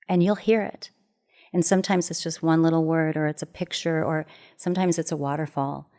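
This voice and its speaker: A middle-aged woman, a matchmaker and relationship expert, telling a heartfelt story in a gentle, earnest way and repeating phrases for emphasis. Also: low voice, steady tone, brisk.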